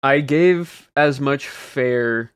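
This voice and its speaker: Young man, livestreamer, casual rambling chat, answers viewers, middle pitch. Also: takes it slowly, clean tone, no echo.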